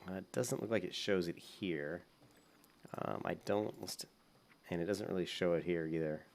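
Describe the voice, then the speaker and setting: A man's voice: low voice, moderate pace, vocal fry, darkish tone, a little hiss or hum. A man giving casual, rambling commentary while playing an online game, with many fillers. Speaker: gaming YouTuber.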